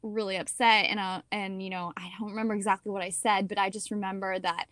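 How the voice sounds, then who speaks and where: A young woman actor telling stories in a casual interview, chatty and animated, with lots of "like" and "you know". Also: medium pitch, quick pace, no echo, studio quality.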